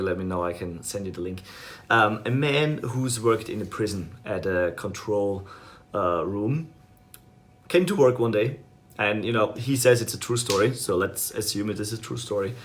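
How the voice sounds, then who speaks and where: A man's voice: fairly low pitch, normal speed. A man teaching an online sales course, talking casually and rambling with fillers. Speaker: sales trainer.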